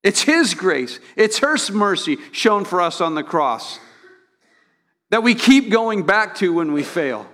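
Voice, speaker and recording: A male pastor delivers a sermon in a slightly higher voice than most men. He talks to the congregation in an easy way, often repeats a word and asks rhetorical questions. A long reverb from the large hall trails after each phrase. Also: sing-song, slow pace, fairly bright tone. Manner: conversational preaching with repeated words and rhetorical questions.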